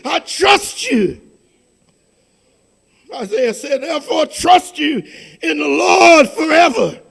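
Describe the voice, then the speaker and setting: A man preaches in a very high, gravelly voice, slow and drawn out. His sermon moves between hushed near-whispers and shouted, repeated phrases. The delivery is fervent and rhythmic. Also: expressive. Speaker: pastor.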